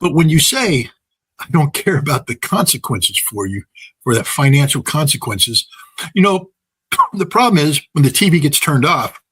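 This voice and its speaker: A man's voice: medium pitch, fairly bright tone, slightly rough. A man speaking as a guest political commentator. He talks off the cuff in an emphatic, folksy way, repeating phrases for effect and using plenty of filler words. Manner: folksy, uses everyday examples and laughs at his own points.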